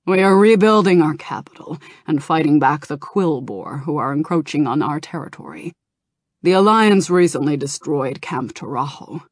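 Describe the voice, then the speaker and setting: A woman voicing a young male tauren chieftain, measured and formal, low and dry. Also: expressive, no room sound. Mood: grave.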